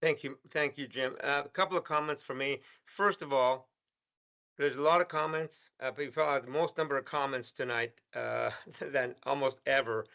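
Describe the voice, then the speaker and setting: A man's voice: medium pitch, fairly even intonation, moderate pace, gravelly, pushed and bright. A male host wrapping up a panel discussion and thanking his guests, often stumbling and restarting words. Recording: dull lo-fi sound.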